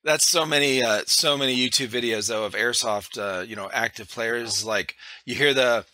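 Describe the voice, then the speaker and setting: A man talks loosely on a podcast, laughing often and poking fun at himself. His voice is very bright and forward. The sound is dry and close, with no room around it. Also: mid-range voice, normal speed, no room sound. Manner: laughs often, self-deprecating. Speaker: podcast host. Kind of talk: casual chat.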